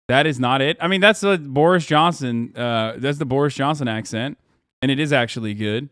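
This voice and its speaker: A man's voice: mid-range voice, normal speed, no echo, studio quality. Profane, joking male streamer. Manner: loud, profane, joking with chat. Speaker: streamer reacting to live news. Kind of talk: casual live-stream reaction.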